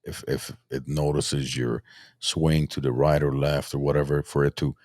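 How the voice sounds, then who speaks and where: A man's voice: rumbling low, level tone, a little mellow, no room sound, studio quality. A man hosting a podcast, chatting casually and often hunting for words and restarting. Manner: halting, searches for words, restarts. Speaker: podcast host.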